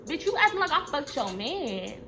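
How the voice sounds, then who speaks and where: A young woman telling a storytime vlog in a blunt, profane, animated way. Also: high-pitched, moderate pace, faint music behind. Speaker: vlogger.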